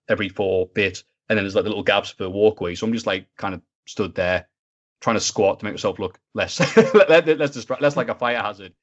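A man from the United Kingdom, a podcast guest rambling through anecdotes and acting out the quoted voices. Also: on the low side. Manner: rambling, animated, laughs and acts out quoted voices. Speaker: interview guest. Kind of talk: casual storytelling chat. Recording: dull lo-fi audio.

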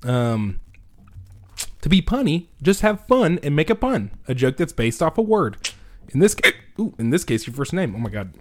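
A man's voice: fairly high pitch, big pitch swings, moderate pace. A man co-hosting a casual podcast chat, joking around and reading items off a list, with the hiccups. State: has the hiccups. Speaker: podcast co-host.

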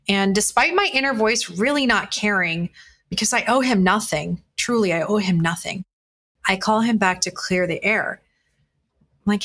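A woman of middle pitch tells her own dating story to listeners, blunt and candid, swearing freely. She talks in a loose, conversational way and often stumbles and restarts her sentences. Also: normal speed, a bit bright. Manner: frequent restarts and fillers, conversational retelling. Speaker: podcast host.

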